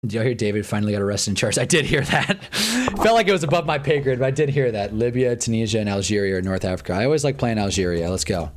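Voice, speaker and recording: A man's voice: medium pitch, very animated, fast talker. A man hosting a livestream in casual chat, thinking aloud, muttering and swearing now and then. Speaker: livestream host. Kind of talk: casual live-stream chat.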